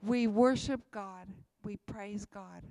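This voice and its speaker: A woman's voice: mid-range voice, slow pace, warm tone, dry recording. A woman speaking as a missionary, telling church testimony stories in a repetitive, emphatic way.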